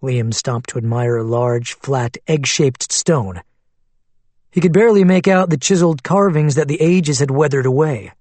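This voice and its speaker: A man reading a novel aloud in measured, descriptive scripted narration. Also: mid-range voice, a little mellow, no echo. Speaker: audiobook narrator.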